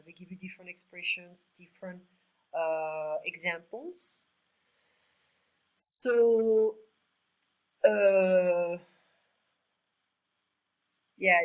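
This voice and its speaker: A native French speaker with a French accent gives a one-to-one French lesson over a video call, drilling verb forms aloud and explaining them in English. Her voice is medium-pitched and fairly bright, in a low-quality recording.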